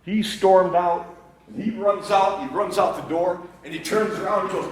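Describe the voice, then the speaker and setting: A man in his sixties, a wrestling coach and educator, giving an animated storytelling speech to a school faculty and laughing at his own anecdotes. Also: high voice, moderate pace. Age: 60s. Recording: echoey room, faint background noise.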